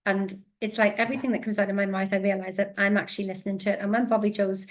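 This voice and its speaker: A woman co-hosting a podcast, chatting in a relaxed, reflective way. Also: mid-range voice, very fast. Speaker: co-host. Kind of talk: casual podcast chat.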